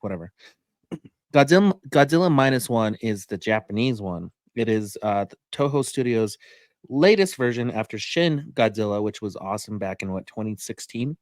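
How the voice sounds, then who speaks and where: A man's voice: on the low side, lively intonation, moderate pace, dry recording, clean studio sound. A man co-hosting a podcast, reviewing a movie in casual, enthusiastic chat full of fillers. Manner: rambling, enthusiastic, many fillers.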